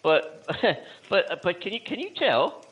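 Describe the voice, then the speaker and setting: A man co-hosting a radio talk show, chatting casually in a halting way with many restarts and easy laughter. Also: high-pitched, very animated, fairly bright tone, breathy edge, dull audio. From USA. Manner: halting, full of fillers and restarts, laughs easily.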